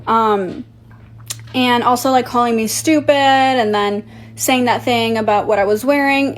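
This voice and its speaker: A young woman whose first language is Portuguese, telling a casual story in a blunt, profane, animated way. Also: a little high, measured pace.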